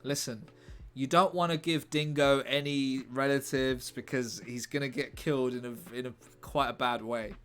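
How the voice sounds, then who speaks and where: Writing a script on a live stream, a man rambles, jokes and reads out chat messages. His medium-pitched, fairly bright voice keeps a fairly even intonation at a moderate pace with hardly any pauses, over faint background music.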